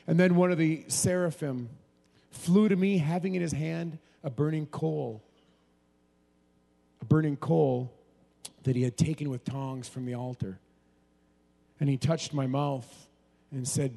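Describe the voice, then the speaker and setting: A man preaching a sermon, moving between hushed, low passages and loud, animated bursts. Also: measured pace, creaky, long pauses. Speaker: pastor. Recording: long hall reverb.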